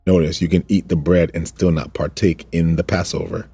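A man's voice: low voice, little pitch movement, moderate pace, dark tone, slightly rough, dry recording, faint music behind. A man teaching a Bible passage in an informal sermon, repeating words for emphasis and joking with his listeners. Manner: repetitive, emphatic, jokes and asides to viewers. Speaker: preacher teaching a Bible study.

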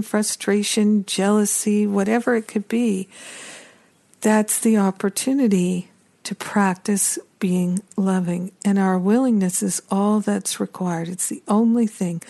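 Slow, mellow-voiced woman teacher. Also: medium pitch, vocal fry. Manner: slow, gentle and repetitive, with prayer-like passages. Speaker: spiritual teacher and podcast host. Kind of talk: spiritual podcast talk.

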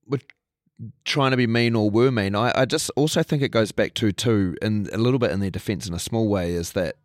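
Deep-voiced man, rambling and laid-back. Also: brisk, no echo, clean studio sound. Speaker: interviewee. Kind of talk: candid interview conversation.

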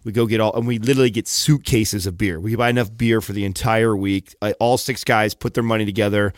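A man's voice: fairly low pitch, fairly even intonation, fast talker, dry recording, clean studio sound. A man in casual podcast chat, telling a rambling story with fillers and swearing.

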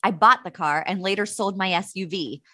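A woman's voice: mid-range voice, normal speed, no room sound, studio quality. A woman co-hosting a podcast, reading secrets and chatting casually, giggling and acting out quotes. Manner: giggly, lively, acts out quotes. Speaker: podcast co-host.

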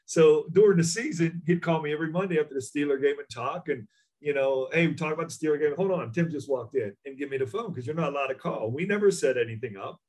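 Middle-aged male ex-coach guest, animated storyteller, slightly high voice. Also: fast talker. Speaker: former college basketball coach, guest. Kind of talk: casual chat.

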